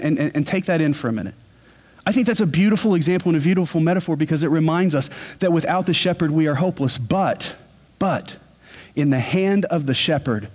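A man preaching a sermon as pastor, earnest, and he slows down to stress key words. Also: fairly high pitch, darkish tone.

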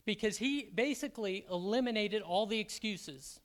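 A man speaking to a church as an elder candidate, excitable and halting, with frequent restarts. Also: sits high. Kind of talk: sermon-style church talk.

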